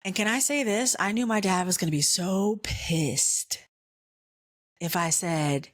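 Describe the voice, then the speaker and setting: A woman hosts a podcast and tells a personal story with candid, animated humor. She speaks at a slow, deliberate pace in a mid-range voice. The recording is close and dry. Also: mid-range voice, no room sound. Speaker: podcast host.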